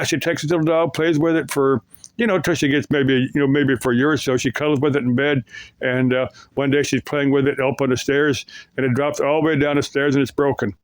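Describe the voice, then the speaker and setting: Guy rambling thru creepy stories, lots of you knows, dry sound, middle pitch. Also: little pitch movement, fast talker, no room sound. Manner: rambling, full of fillers and restarts. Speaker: storyteller. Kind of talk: casual retelling of creepy stories.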